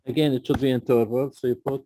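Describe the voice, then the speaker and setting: A man's voice: medium pitch, fairly even intonation, fast, mellow. A man tutoring a student through a math problem, patient and often checking in with "okay?". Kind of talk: live tutoring session.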